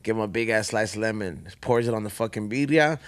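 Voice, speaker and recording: A man co-hosting a podcast, chatting casually in fast, profane slang. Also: fairly low pitch, clean tone. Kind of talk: casual chat.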